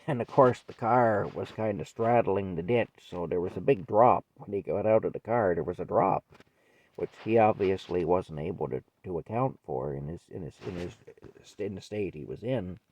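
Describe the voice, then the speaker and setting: A man's voice: low-pitched, normal speed, darkish tone, lo-fi sound. An older man telling a childhood story in a rambling, folksy way. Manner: rambling, folksy, repeats himself. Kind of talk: casual spoken memoir.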